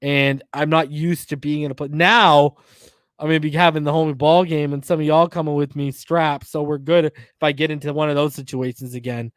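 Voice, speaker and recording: A man in his thirties from the northern US, telling a story in casual podcast chat, animated, slangy and profane. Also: a little high, a little fast, smooth, dry recording. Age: 30s. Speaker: podcast host.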